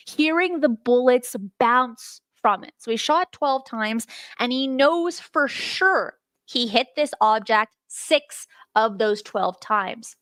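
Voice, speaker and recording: A woman hosting a live stream, chatting excitedly and talking straight to her viewers as she walks through an old case. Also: on the high side, slow pace, dry recording. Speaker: host.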